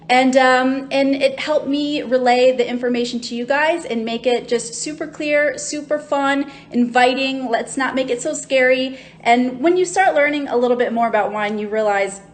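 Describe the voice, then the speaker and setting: Bright, chatty woman host on a phone livestream, a bit high-pitched, bubbly and casual. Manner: bubbly and chatty, greeting viewers as they join. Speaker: wine educator hosting a live tasting. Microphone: phone livestream mic.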